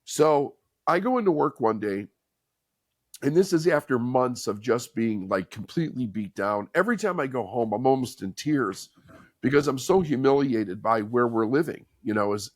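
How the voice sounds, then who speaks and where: A man's voice: medium pitch, no echo, clean studio sound. A middle-aged man, a podcast guest, telling his life story in an earnest, candid, conversational way. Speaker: podcast guest, author and speaker. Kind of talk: personal storytelling in an interview.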